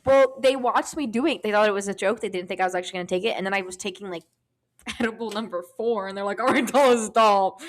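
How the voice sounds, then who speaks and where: A young adult woman co-hosting a podcast, telling a story in casual chat, cursing freely and acting out what everyone said. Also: medium pitch. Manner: animated, profane, acts out quoted voices. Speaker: podcast co-host.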